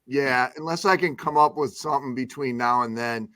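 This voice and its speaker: A man's voice: mid-range voice, moderate pace, pushed and bright, no echo. A man co-hosting a talk show, cracking sarcastic jokes. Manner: joking, sarcastic. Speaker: co-host. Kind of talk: casual radio talk.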